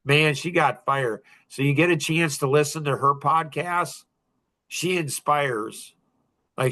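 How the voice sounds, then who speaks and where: Podcast host, man, 60s, blunt and preachy, bright voice. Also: medium pitch. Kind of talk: casual podcast talk.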